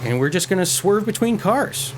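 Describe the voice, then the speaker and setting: A man talks his way through a clumsy driving game from his messy room, self-mocking and prone to tripping over his words. His voice sits a little high for a man. Loud car and engine noise from the game runs under his voice. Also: very animated, moderate pace. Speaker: let's-play gamer. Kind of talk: casual gameplay commentary. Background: loud car and game sounds.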